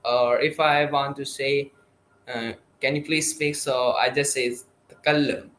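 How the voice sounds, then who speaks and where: A man hosting a livestream, speaking halting, hesitant English full of fillers while he chats with an AI. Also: medium pitch, steady tone, a bit bright, a little hiss or hum. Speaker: livestream host. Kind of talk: casual chat with an AI.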